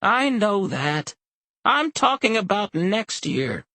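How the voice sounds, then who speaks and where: A man voicing a frail elderly mother who is flustered and confused, exclaiming in a shrill, fretful voice. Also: sing-song, takes it slowly, pushed and bright, no room sound, exaggerated voice.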